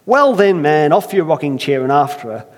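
A man acting out Earthmaker, a fatherly creator god with a put-on Irish brogue. He is brisk and scolding, pushed higher than a normal speaking voice. The sound rings with a long echo from a hall. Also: sing-song.

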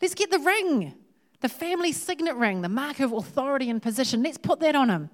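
A woman's voice: sits high, a little fast, in a large hall, voice pushed up. A woman, voicing an older father who is overjoyed and urgently orders servants about. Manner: excited, urgent.

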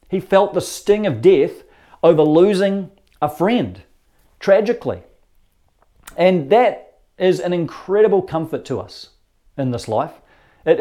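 A man delivering a sermon in an earnest, conversational way, often repeating words mid-thought. His voice sits a little high yet sounds mellow and soft-edged. He tells the story like he is chatting with his congregation. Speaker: pastor.

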